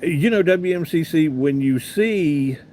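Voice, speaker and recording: A man's voice: a little high, lively intonation, unhurried, darkish tone, a little hiss or hum. A man in his fifties, a radio talk show host, telling a rambling personal story and answering viewers' comments in a casual chat. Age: 50s. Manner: chatty, rambling anecdotal delivery with asides to viewers.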